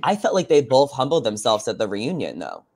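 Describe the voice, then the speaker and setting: A man's voice: mid-range voice, wildly swooping pitch, brisk, a little mellow, breathy edge. A man hosting a podcast over a video call, chatting casually and asking his guest questions. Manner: chatty, asks questions, many fillers. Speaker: podcast host. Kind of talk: casual chat.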